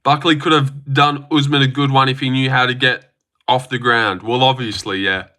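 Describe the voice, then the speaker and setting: A man's voice: mid-range voice, fairly even intonation, normal speed, sharp tone. A young Australian man hosting a livestream, chatting casually, joking and swearing as he reads out viewer comments. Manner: laid-back, joking, profane. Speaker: livestream host. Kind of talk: casual live chat reading comments.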